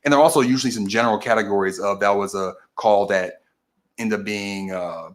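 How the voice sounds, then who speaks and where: A man with a fairly low voice hosts his own stream and explains a process one step at a time. He talks casually and restarts and corrects himself often as he goes. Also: steady tone, brisk. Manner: explains methodically, with frequent restarts and self-corrections. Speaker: host of a political stream. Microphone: camera video recording.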